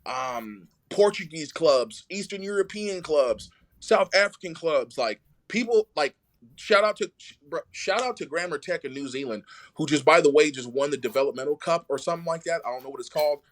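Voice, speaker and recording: A young adult man, a podcast guest, telling his own story casually and acting out what others said in lively voices. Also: fairly high pitch, normal speed.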